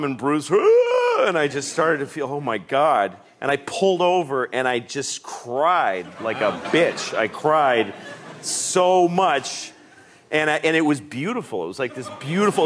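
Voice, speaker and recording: Animated male comedian telling stories on a talk show. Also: a little high, a little hiss or hum. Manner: animated, rambling, acts out voices and shouts. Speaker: comedian guest. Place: television talk-show studio. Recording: talk-show studio with loud audience laughter.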